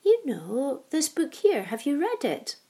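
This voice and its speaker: A woman's voice: high-pitched, wildly swooping pitch, unhurried, warm tone, pitched above the performer's own voice, exaggerated voice. A woman voicing a polite, mild young man in a storybook reading, asking tentative questions.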